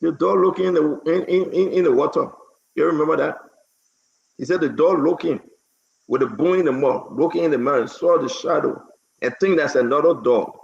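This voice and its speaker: A man's voice: on the high side, a little fast, vocal fry, darkish tone, reverberant, lo-fi sound. A man hosting a heated political talk stream, emphatic, often repeating words as he starts. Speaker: talk show host.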